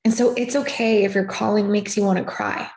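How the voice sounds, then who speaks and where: A woman's voice: medium pitch, fairly even intonation, brisk, a little mellow, reverberant. A woman hosting a live stream as a life coach, giving an emphatic, repetitive motivational talk over a video call. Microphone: video call setup.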